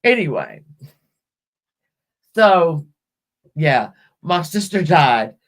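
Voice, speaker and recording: A woman's voice: low-pitched, big pitch swings, very slow. Blunt, profane middle-aged woman. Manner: blunt and profane, rambling with restarts. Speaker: live stream host. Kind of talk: casual personal storytelling.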